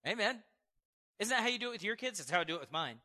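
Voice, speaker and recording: High-voiced, bright-toned preacher, animated. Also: male voice. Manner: animated, storytelling with acted-out quotes and chuckles. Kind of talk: sermon. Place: church service before a congregation.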